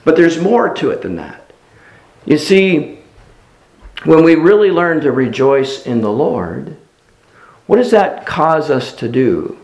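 A man preaching a sermon as a pastor, in an unhurried, earnest way, often restarting his sentences and filling pauses with "uh" and "you know". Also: on the high side, big pitch swings, a little mellow, highs cut off. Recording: roomy echo.

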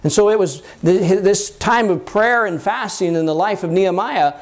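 Earnest man preaching a sermon. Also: normal speed. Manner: earnest teaching tone with frequent uh fillers and restarts; rises in pitch when quoting scripture. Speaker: pastor.

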